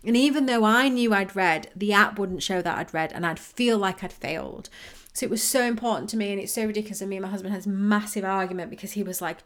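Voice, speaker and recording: Woman, podcast host, casual self-mocking ramble, mid pitch. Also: fast. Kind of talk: casual solo podcast talk on manifesting.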